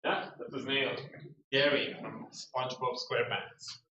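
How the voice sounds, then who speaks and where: Steady and unhurried, a man with a mid-range voice reads vocabulary lists aloud to an English class and explains terms through acted examples. His delivery is pushed and bright, with a little hiss or hum over a distant, echoey, dull lo-fi recording.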